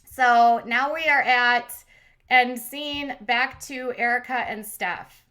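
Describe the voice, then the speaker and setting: A woman's voice: on the high side, slow pace, pushed and bright. A woman hosting a commentary channel, recapping reality TV in a chatty, sarcastic way with lots of fillers.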